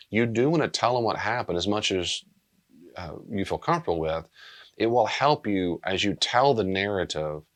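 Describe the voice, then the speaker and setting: A man speaking as a pastor and counselor, earnest and gentle, often repeating key phrases as he teaches. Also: low voice.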